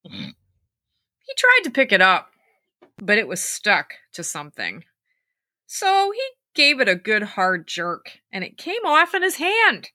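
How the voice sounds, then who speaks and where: A woman hosting a podcast, reading scary stories aloud and chatting about them, with lively acted-out quotes. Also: medium pitch, slow pace, pauses often, no room sound, studio quality. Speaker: podcast host and storyteller.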